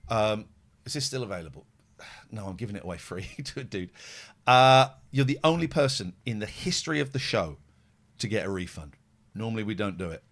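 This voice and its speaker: A man's voice: fairly low pitch, vocal fry. A man hosting a podcast, chatting casually and telling angry stories with lots of swearing. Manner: animated, heavy swearing, telling angry anecdotes. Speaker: podcast host. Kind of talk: casual chat.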